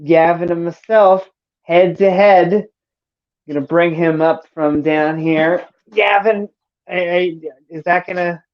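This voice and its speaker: A woman co-hosting a casual podcast chat, playful and jokey, breaking into silly high squeals. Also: fairly even intonation, takes it slowly. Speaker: podcast co-host. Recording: dull lo-fi audio.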